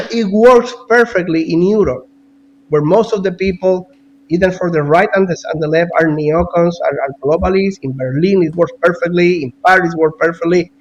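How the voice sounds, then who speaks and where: A man talking as a guest analyst in casual political commentary, animated, repeating words and now and then coughing. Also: sits high, moderate pace, lo-fi sound, a little hiss or hum.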